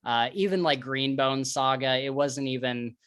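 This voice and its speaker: A man co-hosting a podcast chats eagerly about books, filling his sentences with casual fillers. His voice sits at an ordinary middle pitch. The recording is close and dry, with no room sound. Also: moderate pace, fairly bright tone, clear, resonant tone, no room sound. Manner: chatty, enthusiastic, many fillers. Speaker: podcast co-host. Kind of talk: casual book chat.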